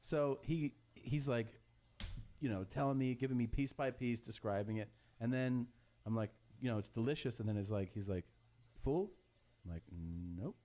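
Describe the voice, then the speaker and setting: A man's voice: mid-range voice, steady tone, fairly quick, mellow, a little hiss or hum. A man co-hosting a podcast, telling a story in casual, profane chat. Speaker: podcast co-host.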